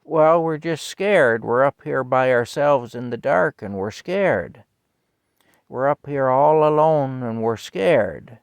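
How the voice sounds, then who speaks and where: A man voicing scared farm children who call down slowly and plead. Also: medium pitch, expressive, dry recording. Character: frightened farm children calling down.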